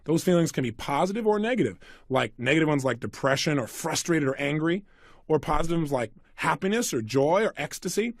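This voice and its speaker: A man's voice: a little high, animated, fairly quick, no echo. A man giving a motivational seminar talk, telling stories with animation and putting questions to his audience. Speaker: motivational speaker.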